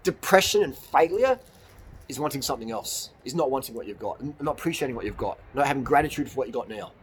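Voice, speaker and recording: A man's voice: mid-range voice, expressive, quick pace, slight background noise. A man, a YouTuber giving a blunt, rambling motivational rant outdoors in the hills, swearing and laughing at his own jokes. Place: outdoors in the hills on a cold evening.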